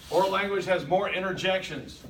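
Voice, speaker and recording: A man teaching a college class, animated and joking, often checking in with the room. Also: sits high, fairly quick, slight background noise. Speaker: college instructor. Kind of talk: classroom lecture.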